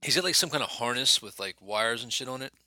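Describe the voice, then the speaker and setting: A man's voice: medium pitch, animated, quick pace, sharp tone, dry recording. A man co-hosting a podcast in casual movie chat, rambling loosely and swearing in passing. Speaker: podcast co-host.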